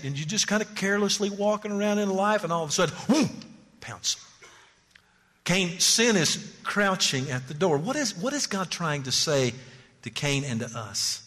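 A man preaching a sermon as pastor, pleading and emphatic, often repeating words as he presses a point. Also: a little high. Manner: animated, pleading, emphatic repetitions. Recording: long church-hall reverb.

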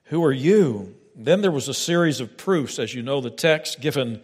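A man preaching a sermon, reading scripture dramatically and breaking into lively asides. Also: mid-range voice, normal speed, husky, in a large hall.

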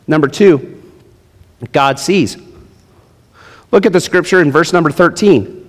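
A middle-aged man preaching a sermon as pastor, swinging between loud, high emphasis and low, quiet drops. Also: measured pace, long pauses. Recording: long hall reverb.

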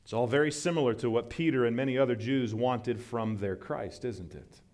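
A man delivering a sermon from a pastor's pulpit, in a mid-range voice for a man. He speaks earnestly and pushes his pitch upward whenever he stresses a point. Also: moderate pace, darkish tone. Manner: earnest, rises in pitch for emphasis and acted quotes.

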